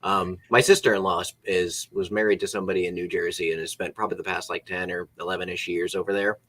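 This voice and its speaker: A man's voice: low voice, fairly even intonation, quick pace, fairly bright tone. A man co-hosting a casual live chat show, talking loosely, trailing off mid-sentence and laughing often. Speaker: co-host.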